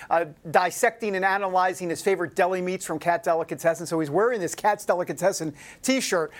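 A political talk show host talks in a loose, opinionated way. He slips in jokes and asides to the audience. His voice sits at a middle pitch.

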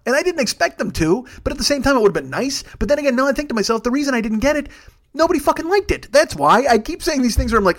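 A man doing a rambling, profane monologue as a comedy podcast host, in his forties. His voice sits a little high and races along fast. He mocks himself as he wanders between tangents. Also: lively intonation, a bit bright. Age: 40s. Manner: profane, rambling, self-deprecating.

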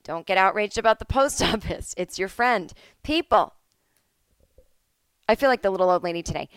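Smooth-voiced woman chatting solo at home. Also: medium pitch, moderate pace, pauses often, dry recording. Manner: animated, sarcastic, rambling asides. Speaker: podcast host. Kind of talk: solo casual chat.

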